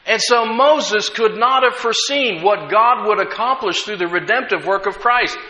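A man's voice: sits high, moderate pace, pushed and bright. An American man preaching a sermon as pastor, telling stories with rising emphasis. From United States. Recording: echoey room, dull lo-fi sound.

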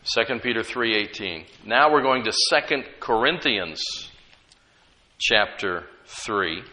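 Slow, bright-voiced preacher man. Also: lowish voice, animated. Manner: emphatic, repeats phrases and leads the congregation in call-and-response. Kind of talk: sermon.

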